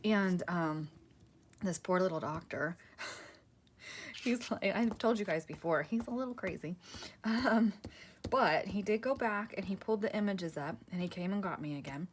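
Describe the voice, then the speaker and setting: A woman's voice: medium pitch, measured pace, slight background noise. A woman crafting at her table and chatting casually to her viewers, rambling, cutting herself off and laughing often. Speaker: crafting vlogger. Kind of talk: casual chat while crafting.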